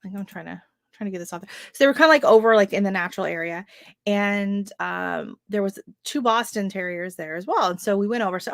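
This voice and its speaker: Woman, 30s, from Canada, gardening livestream host. Middle pitch, chatty and giggly, filler-heavy, dry webcam sound. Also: fairly quick, vocal fry, no echo. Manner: chatty storyteller, laughs often, many fillers. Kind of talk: casual livestream chat.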